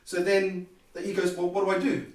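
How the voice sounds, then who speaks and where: A man, a podcast guest, telling a personal story in an animated way and acting out the dialogue. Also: sits high, brisk. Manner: animated, acts out quoted dialogue. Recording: very echoey room, distant mic.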